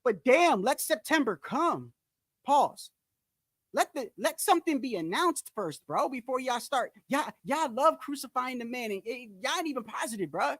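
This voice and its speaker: A boxing channel host speaks at normal speed in an extremely high, fairly bright voice with lively intonation and no echo. Ranting casually, he's blunt and emphatic, curses, and repeats himself to stress points. He addresses the viewers head-on, often calling them "bro".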